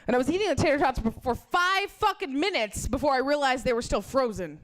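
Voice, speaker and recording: A woman performing a stand-up comedy set on a club stage with a handheld mic, brash and profane, dropping into lowered voices to act out other people. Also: expressive, a little fast, noisy background.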